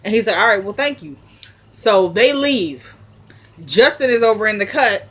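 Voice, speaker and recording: A woman's voice: mid-range voice, lively intonation, normal speed, fairly bright tone. A woman casually recapping a TV episode to her camera. She retells scenes by slipping into the characters' lines. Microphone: self-recorded camera.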